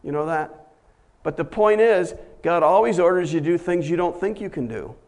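A male pastor delivering a sermon in a fairly high voice. He preaches emphatically, climbing to loud, forceful peaks before falling back to quiet, low stretches. He acts out the voices of the figures he quotes. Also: lively intonation, moderate pace.

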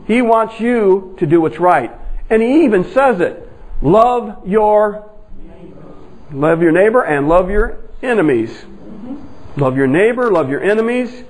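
An older man preaching a sermon, telling a folksy family story with animated, sudden emphasis. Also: sits high, measured pace, low-quality recording. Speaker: pastor.

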